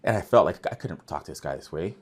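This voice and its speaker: A man's voice: low voice, fast, slightly rough. A man who works as an office manager, guesting on a podcast and telling workplace stories in a casual, earnest way, acting out quoted dialogue. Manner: earnest, animated retelling with quoted dialogue and many restarts. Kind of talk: casual conversational storytelling.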